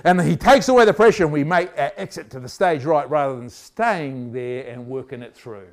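A male preacher delivers a sermon with animated storytelling. He keeps asking his listeners questions, and his voice sits high for a man. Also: fairly quick, few pauses.

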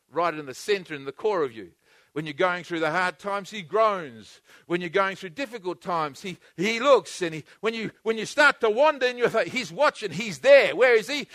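A man preaching a sermon, earnestly and repetitively, swinging between loud emphatic bursts and hushed, intimate passages. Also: high voice, dry recording, clean studio sound. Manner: repetitive, earnest, with frequent restarts.

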